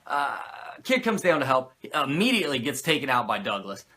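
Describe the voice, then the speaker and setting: A man who reviews wrestling shows in a loose, rambling way, swearing freely and mocking himself. His pitch swings widely and his voice has a bright edge. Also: very animated, brisk, breathy edge. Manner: rambling, profane, self-mocking. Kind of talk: casual commentary.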